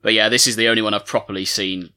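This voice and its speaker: A man's voice: fairly low pitch, steady tone, bright, forceful tone, clear, resonant tone. A man co-hosting a podcast, chatting casually with a dry, joking manner. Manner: chatty, dry, quick to joke. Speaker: podcast co-host. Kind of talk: casual chat.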